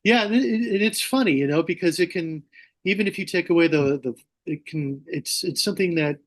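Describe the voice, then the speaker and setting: A man talking as a guest on a podcast, speaking haltingly with frequent restarts, grew up in Mississippi. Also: on the high side. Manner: halting, many restarts, laughs often. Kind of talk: casual podcast conversation.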